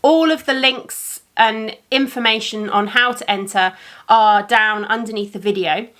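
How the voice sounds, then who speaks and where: A woman's voice: a little high, a little slow, fairly bright tone. A woman hosting a crafting podcast, chatting to camera in a rambling way with lots of ums. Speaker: crafting podcast host and yarn dyer. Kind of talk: casual chat to camera. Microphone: camera facing the speaker.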